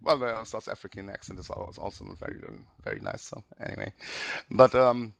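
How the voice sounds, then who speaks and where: A man's voice: fairly low pitch, huge pitch swings, fairly quick, vocal fry, no echo. A man hosting a casual interview, hesitant and full of restarts. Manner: hesitant, many restarts and fillers. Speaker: interview host.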